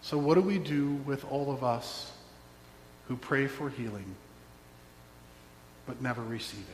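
A man's voice: mid-range voice, measured pace. A man preaching a sermon, telling a story and acting out the voices in it, with wry asides. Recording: roomy hall with long echo, faint hum.

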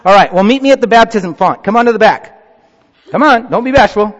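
A man's voice: high voice, animated, a little fast. A man serving as pastor, giving a children's sermon and coaxing the congregation into a group activity in a church sanctuary. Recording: muffled sound in a reverberant church.

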